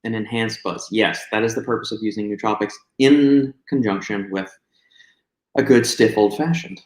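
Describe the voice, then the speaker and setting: A man's voice: lowish voice, fairly even intonation, moderate pace. A man chatting casually about movies in a dry, laid-back way. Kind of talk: casual chat. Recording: echoey room.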